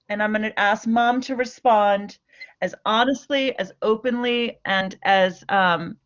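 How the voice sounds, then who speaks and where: A woman playing a family therapist in a role-play, coaching slowly and repeating okay. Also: a little high, a bit bright. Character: patient female family therapist coaching mother and daughter. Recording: muffled lo-fi recording.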